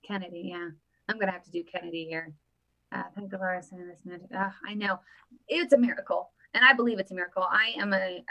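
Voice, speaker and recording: A woman vlogger giving casual live-stream political commentary, emphatic and animated, often repeating her phrases. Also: mid-range voice.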